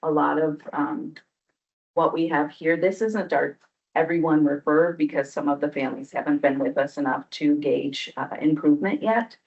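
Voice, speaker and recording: A woman's voice: deep voice, moderate pace, darkish tone. A woman presenting program results at a public board meeting, explaining steadily with frequent "um" fillers. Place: meeting room. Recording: dull lo-fi meeting recording.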